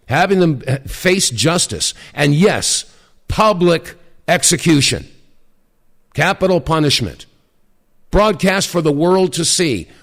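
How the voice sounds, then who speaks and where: A middle-aged man hosting talk radio, speaking emphatically and deliberately with frequent fillers. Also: fairly high pitch.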